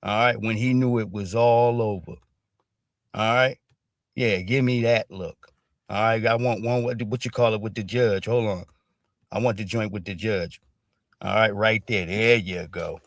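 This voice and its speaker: A man giving off-the-cuff livestream commentary in a blunt, profane, emphatic way, dropping "all right" between every few words. His voice sits at an ordinary pitch for a man, and the recording is dry and close. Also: dry recording. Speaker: stream commentator.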